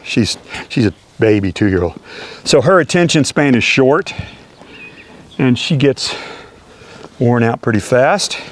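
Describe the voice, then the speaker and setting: A man's voice: mid-range voice, animated, slow, pauses often. A man working as a horse trainer, explaining step by step as he works a young horse and asking rhetorical questions. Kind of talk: hands-on teaching while working a horse.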